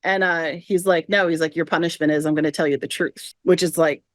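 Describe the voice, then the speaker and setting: A woman's voice: sits low, steady tone, brisk, no echo, studio quality. Woman podcast host retelling game lore. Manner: retells game quests with quoted lines. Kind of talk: casual podcast chat.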